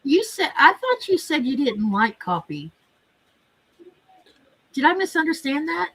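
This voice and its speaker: A woman's voice: high-pitched, big pitch swings, unhurried, a bit bright, no echo, rough recording. A woman chatting on a video call, telling stories with laughter and asking questions. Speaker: regular guest in the chat. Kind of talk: casual chat.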